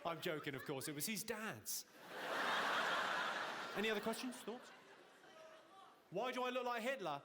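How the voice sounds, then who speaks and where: A man doing live stand-up comedy on stage, teasing the audience with quick deadpan insults. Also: high-pitched. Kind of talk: live stand-up with crowd work. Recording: loud audience laughter and noise.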